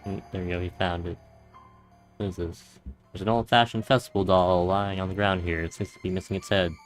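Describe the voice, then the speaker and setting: A man's voice: deep voice, steady tone, brisk. Sarcastic gamer man over faint music. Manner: reads on-screen game text aloud between reactions; exasperated, sarcastic asides. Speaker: let's play gamer. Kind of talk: casual gameplay commentary.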